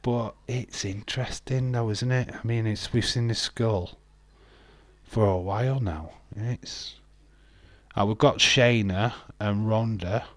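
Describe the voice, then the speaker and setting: Brief: man, low voice, slow easy delivery, sarcastic banter and cursing. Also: no room sound. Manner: jokey, sarcastic, swears freely. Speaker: wrestling watch-along host. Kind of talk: casual live watch-along commentary.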